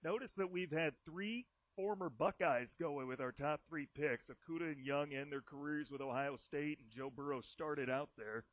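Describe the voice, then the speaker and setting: A man's voice: a little high, no echo, rough recording. Upbeat man hosting a sports chat. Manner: upbeat, quick to laugh. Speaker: podcast host. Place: home. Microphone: video call.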